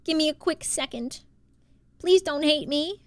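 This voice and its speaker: A New Jersey woman plays while live streaming, chatting casually, reading out and thanking her chat, and exclaiming readily. Her voice sits high, and the recording is dry.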